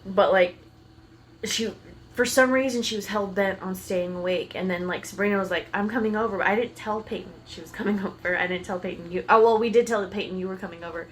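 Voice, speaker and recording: A woman's voice: mid-range voice, a little fast, slight background noise. A woman co-hosting a podcast, chatting casually and telling stories while acting out what others said. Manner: chatty storyteller who acts out others' lines. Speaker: podcast co-host. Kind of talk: casual chat and storytelling.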